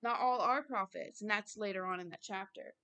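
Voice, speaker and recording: A woman giving an informal Bible reading and sermon, earnest and growing loud and emphatic as she preaches. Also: mid-range voice, brisk. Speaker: self-styled preacher.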